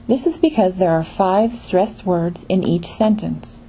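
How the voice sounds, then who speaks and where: A woman giving a scripted pronunciation lesson in an even lecture manner. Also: on the low side, slight background noise. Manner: slow, even lecture delivery. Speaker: pronunciation teacher. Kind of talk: scripted narration.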